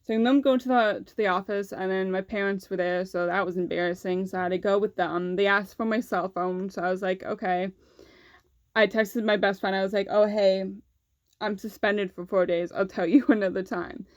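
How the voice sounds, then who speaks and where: A woman's voice: mid-range voice, fairly even intonation, brisk, no echo, clean studio sound. A young woman vlogger telling a personal story in a candid, casual way, swearing freely and saying "like" often.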